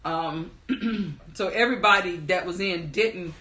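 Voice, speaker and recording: A woman's voice: on the low side, unhurried, bright, forceful tone, echoey room. A woman hosting a live stream, greeting viewers by name in an upbeat, chatty way before starting her story. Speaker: livestream storyteller host. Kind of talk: casual live-stream chat.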